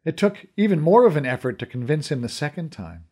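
A man's voice: a little high, very animated, brisk, warm tone. A man narrating a story in the first person, reading expressively. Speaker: audiobook narrator.

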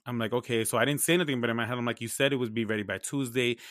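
A young man tells a story in casual, slang-heavy, often profane speech, acting out both sides of each conversation with lively swings. His pitch sits in an ordinary middle range. The sound is dry and close, with no room around it. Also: racing, no echo. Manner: animated, slangy and profane, acts out dialogue.

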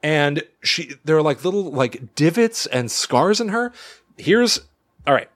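A man co-hosting a podcast, telling a story in casual chat with lots of restarts, fillers and laughs. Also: on the high side. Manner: animated, halting storyteller with many restarts and laughs. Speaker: podcast co-host.

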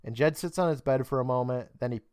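A fast-talking American man with a medium-pitched, smooth, darkish voice co-hosts a podcast recapping a TV episode. He laughs often and performs the characters' lines in casual conversation. Clean studio sound, no echo.

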